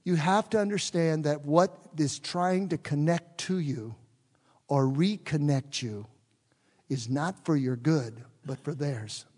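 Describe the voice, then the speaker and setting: A man's voice: on the high side, a little mellow. Man, pastor, sermon, talks with the congregation, asks questions, long hall reverb. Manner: conversational preaching, asks the room questions. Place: church sanctuary.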